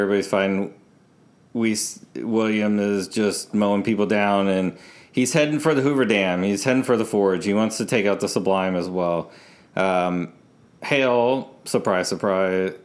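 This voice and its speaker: A man co-hosting a casual podcast chat, rambling with lots of fillers and restarts. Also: on the low side. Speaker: podcast co-host.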